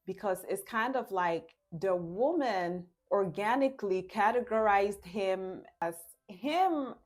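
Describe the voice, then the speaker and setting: A woman giving casual relationship advice at an unhurried, easy pace. She laughs often and slips into little acted scenes between a couple. Her voice sits in a middle pitch. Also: a little mellow.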